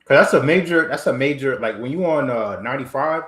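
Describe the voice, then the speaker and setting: Casual male co-host, relaxed slang, animated pitch, echoey room. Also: a little fast. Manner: laid-back, slangy. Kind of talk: casual live-stream chat. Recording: roomy echo.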